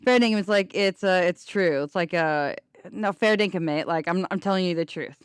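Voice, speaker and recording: Woman musician guest, from Kansas, chatty and easygoing, smooth tone, dry booth sound. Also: on the low side, a little fast, no echo. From Kansas, USA. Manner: chatty, self-deprecating, laughs often. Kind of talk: casual radio interview.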